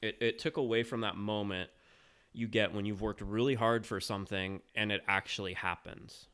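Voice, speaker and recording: Smooth low-voiced male podcast host. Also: fairly even intonation, normal speed, fairly bright tone. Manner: rambling, hesitant, many restarts. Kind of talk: casual interview chat.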